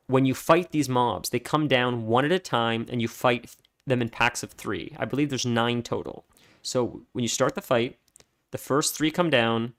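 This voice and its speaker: Male streamer, easygoing chatty commentary, average pitch, prone to laughing. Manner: rambling storytelling, laughs often. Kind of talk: casual gameplay commentary.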